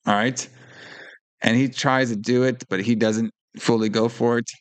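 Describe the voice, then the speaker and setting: Animated man recapping a movie. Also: mid-range voice, moderate pace. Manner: animated retelling, acts out lines, swears. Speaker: podcast co-host. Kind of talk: casual film recap chat.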